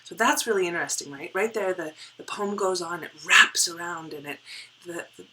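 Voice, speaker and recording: A woman teaching a poetry lesson, explaining step by step and often checking in with "right?", dropping to a soft whisper as she reads lines aloud. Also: fairly low pitch, moderate pace, slight background noise, rough recording. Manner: drops to a soft whisper while reading and counting. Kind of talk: poetry lesson with board work.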